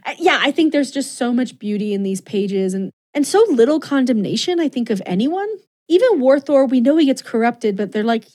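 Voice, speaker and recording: A woman's voice: a little high, expressive, moderate pace, dark tone. A woman co-hosting a podcast in casual chat, gushing and emotional, acting out quotes as she goes. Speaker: podcast co-host.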